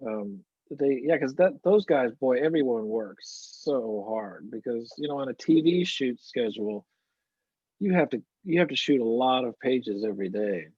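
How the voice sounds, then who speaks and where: A man, an actor guest, telling stories in a relaxed interview with lots of restarts. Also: medium pitch, normal speed, breathy edge, no echo. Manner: anecdotal, warm storytelling with frequent restarts. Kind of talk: casual interview chat. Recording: muffled, dry lo-fi audio.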